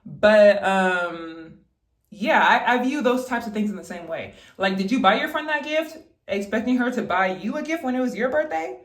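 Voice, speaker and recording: A woman's voice: fairly high pitch, lively intonation, normal speed, echoey room. A young woman in a casual vlog, emphatically giving advice straight to the viewer while getting ready at home. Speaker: vlogger.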